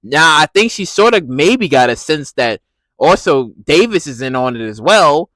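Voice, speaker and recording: A man giving a casual, animated recap of a TV episode, laughing and repeating himself as he reacts. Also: fairly high pitch, normal speed, no room sound. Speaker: TV recap vlogger.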